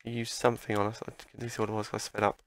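Gravelly excitable gaming commentator man. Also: fairly low pitch, fast talker, no room sound. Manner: excitable, talks back at the game. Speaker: let's play commentator. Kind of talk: gameplay commentary.

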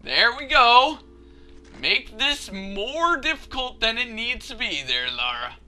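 A man's voice: extremely high pitch, sing-song, slow pace, pushed and bright. A man commentating his own gameplay, getting frustrated, laughing and cursing at failed jumps. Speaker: let's play gamer.

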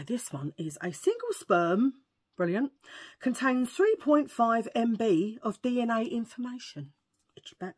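A woman rambles cheerfully to her camera, mocking herself as she goes. Her voice is husky and a little tired, and her pitch swings widely from line to line. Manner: rambling, chatty, self-mocking. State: tired from poor sleep. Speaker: vlogger. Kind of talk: casual chat to camera.

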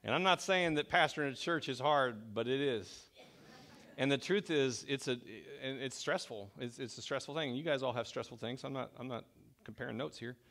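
A middle-aged man preaches a sermon in a church. His voice sits at an ordinary mid pitch, and he speaks in a relaxed, conversational way. He jokes at his own expense and often repeats words as he restarts his sentences. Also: moderate pace. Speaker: pastor. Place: church sanctuary.

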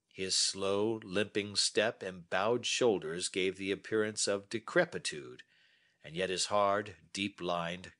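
A man narrating a graded English story in a careful, deliberate reading style. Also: fairly low pitch, fairly bright tone. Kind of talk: slow scripted story narration for English learners.

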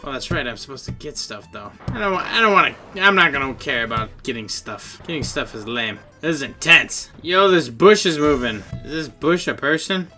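A man giving excitable, slangy commentary over his own gameplay, laughing often and yelping when he gets caught. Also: medium pitch, moderate pace, hardly any pauses, faint music behind. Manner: slangy, playful trash talk. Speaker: gaming YouTuber.

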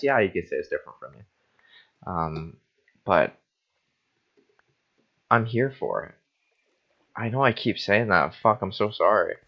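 A tipsy young man rambling and swearing as he hosts a casual Minecraft building session, mocking himself as he plays. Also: deep voice. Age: young adult. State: tipsy from wine. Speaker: host. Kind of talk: casual Minecraft let's-play chatter. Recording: dull lo-fi recording.

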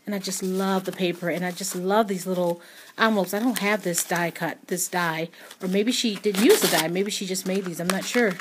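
A woman's voice: fairly low pitch, steady tone, moderate pace, background noise. A woman hosting a craft channel, chatting casually as she shows off a gift, gushing with many ums and repeated words. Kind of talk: casual unboxing chat.

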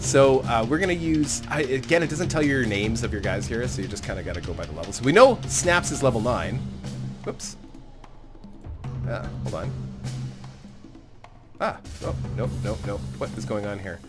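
A man's voice: mid-range voice, expressive, normal speed, pauses often, loud music behind the voice. A man giving casual, rambling gameplay commentary as a let's play host, often laughing to himself. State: recovering from a cold.

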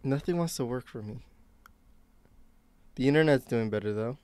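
A man's voice: mid-range voice, normal speed, darkish tone, dry recording. A young man from the United States chatting casually while live-streaming games, rambling and self-mocking. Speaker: game streamer.

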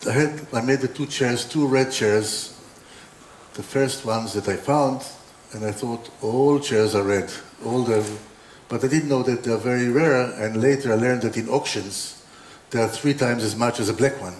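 A man's voice: medium pitch, normal speed, a little hiss or hum. A man giving an informal opening talk as a designer, telling rambling anecdotes with restarts and dry humor. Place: exhibition hall. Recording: roomy hall with faint ambience.

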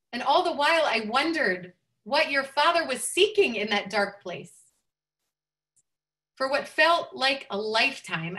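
A woman rabbi tells a teaching story with a bright, clear voice pitched a little high. She is expressive and lifts her voice whenever she quotes someone.

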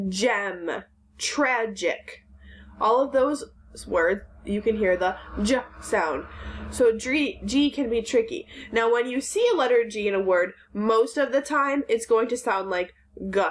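A woman teaching a recorded phonics lesson to children, patiently sounding out letters and words. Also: mid-range voice.

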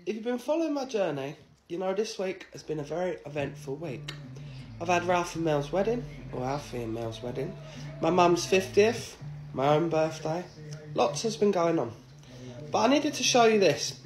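A man's voice: on the high side, expressive, moderate pace. A man chatting casually to his phone camera, sentimental and jokey. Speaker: TikTok vlogger.

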